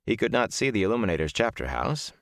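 A man narrating an audiobook chapter in an expressive storytelling manner. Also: on the low side, fast talker, vocal fry, no room sound, studio quality. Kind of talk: scripted narration.

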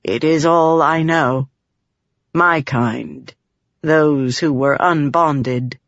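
A woman reading an audiobook voices a curious, literal-minded male spirit who talks slowly and flatly with musing hums. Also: sits low, dry recording, full character voice. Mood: solemn. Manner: slow, flat and precise, with musing hums. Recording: dull lo-fi audiobook.

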